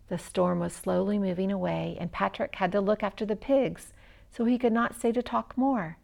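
A woman narrating a children's story expressively, with dramatic pauses. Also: mid-range voice, steady tone, creaky, darkish tone.

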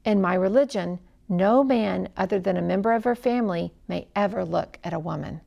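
A woman's voice: mid-range voice, fairly quick, creaky, dull audio. A woman voicing an anxious young husband who pleads urgently for help in a read-aloud story. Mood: desperate.

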